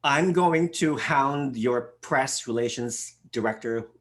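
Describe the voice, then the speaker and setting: A woman's voice: a bass voice, takes it slowly, a little hiss or hum. A woman hosting a casual video-call interview, gushing and affectionate, repeating words for emphasis. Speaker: host, pageant vlogger.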